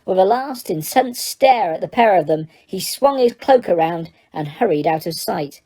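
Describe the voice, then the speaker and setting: Woman narrating a storybook, calm even read, warm mellow tone. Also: fairly low pitch, normal speed. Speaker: audiobook narrator. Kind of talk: scripted narration.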